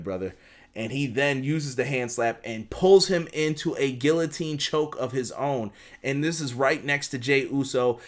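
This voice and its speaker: A young man reviewing a wrestling show in a casual, slangy way, excited and briefly acting out what the wrestlers said. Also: medium pitch. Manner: excited, slangy, acts out quotes in quick asides. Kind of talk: casual fan review recap.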